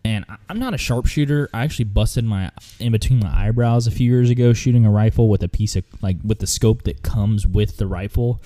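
A man's voice: lowish voice, fairly quick, few pauses, dark tone. A man recounting a hunting trip in casual, rambling storytelling with lots of fillers and restarts.

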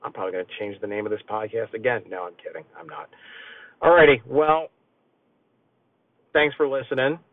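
A man's voice: medium pitch, a little fast, pauses often, dry recording. Middle aged guy rambling on his podcast, lots of uhs, sounds like a phone line, bit distant. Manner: excitable, rambling, many fillers. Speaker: podcast host. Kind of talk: casual solo podcast talk.

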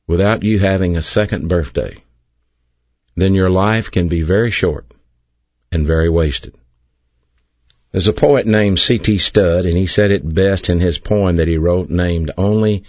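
A man preaching an earnest sermon as pastor, stressing key phrases slowly. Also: sits low, dry recording, lo-fi sound. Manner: earnest, emphatic preaching with slow drawn-out stresses.

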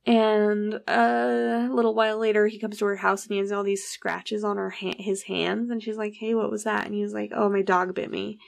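Woman, gravelly fry in her voice, casual storytelling, acts out dialogue. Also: mid-range voice, normal speed, few pauses. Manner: animated, acts out quoted dialogue, swears casually. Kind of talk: casual true-crime storytelling.

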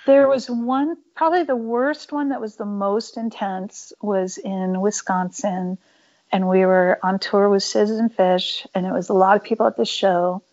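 A woman punk band musician, interviewed casually, tells stories candidly and emphatically with many fillers. Her medium-pitched voice is steady, a little slow and a little mellow, captured in dull lo-fi audio.

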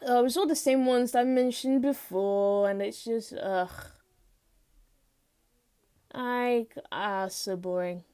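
Teenage girl, high voice, rambling podcast talk, tired, playfully dramatic, home mic. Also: slow, pauses often, mellow, smooth. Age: teens. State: tired, lightheaded. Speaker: podcast host. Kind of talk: unscripted casual monologue.

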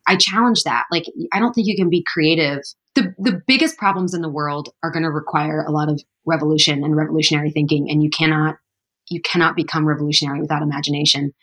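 A woman's voice: low-pitched, steady tone, fast, fairly bright tone. A woman in her thirties, a podcast guest talking in a chatty, upbeat way with lots of "like" and "you know". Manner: chatty, upbeat, heavy use of "like". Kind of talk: casual interview chat.

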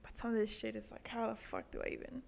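A woman's voice: a little high, completely flat delivery, quick pace, creaky, a little mellow, a little hiss or hum. A young woman hosting her own podcast in a casual solo monologue, crude and self-mocking, swearing often and laughing at her own jokes. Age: young adult. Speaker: podcast host.

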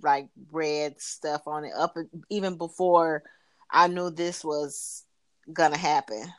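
A woman co-hosts a casual podcast and answers in short, blunt, dry lines. Her voice sits fairly low. The recording is dry and close, with no room sound. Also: steady tone, takes it slowly, dry recording. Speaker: podcast co-host.

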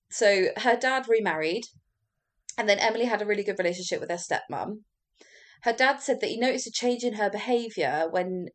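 A chatty woman goes through a true crime tale on a podcast, casual and quick to laugh. Her voice sits in the mid range, and she swears once in a while.

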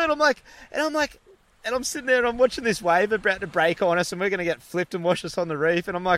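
An animated young man spinning a yarn, his voice sitting a bit high for a man. He swears freely and laughs his way through the telling, in a loose, casual chat. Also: fast. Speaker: guest telling a story. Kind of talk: casual storytelling.

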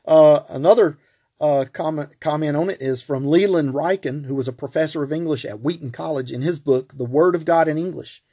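A man's voice: a little high, brisk, dark tone, husky. A man teaching a Bible study lecture, who reads out quotes and spells names letter by letter, often repeating words as he goes.

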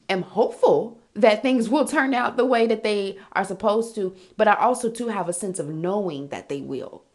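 Sassy, candid woman podcast host. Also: mid-range voice. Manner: candid, animated, sassy, addresses listeners as girl and honey. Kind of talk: casual motivational monologue.

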